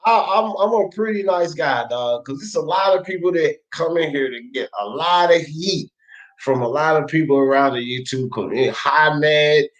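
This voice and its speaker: A man's voice: fairly high pitch, normal speed, a bit bright, rough recording. A male sports talk host on a live boxing stream, reading viewers' chat comments aloud in a loose, slangy way and laughing often.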